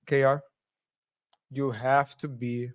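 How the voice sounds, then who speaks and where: A man co-hosting a casual commentary podcast, speaking haltingly, restarting sentences and chuckling often. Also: mid-range voice, level tone. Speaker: podcast co-host.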